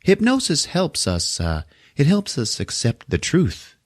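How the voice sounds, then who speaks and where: A man's voice: a little high, huge pitch swings, measured pace, no room sound, clean studio sound, pitched above the performer's own voice, exaggerated voice. A man voicing a condescending male asylum doctor who speaks in a soothing, patronizing, slightly hesitant way. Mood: hypnotic.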